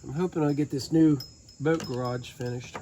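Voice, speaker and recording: A man's voice: mid-range voice, fairly even intonation, moderate pace, dark tone, a little hiss or hum. A man with a Southern Appalachian accent, talking viewers through a boat repair in a folksy, joking way while he works outdoors. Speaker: DIY boat-repair vlogger. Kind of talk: casual how-to narration while working. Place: outdoors beside a boat on the ground.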